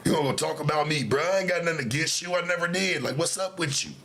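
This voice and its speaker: A man's voice: a little high, fast talker, bright, forceful tone, slight background noise. Confrontational man ranting on a livestream. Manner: confrontational, slangy street talk. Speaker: livestream host. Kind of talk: livestream rant.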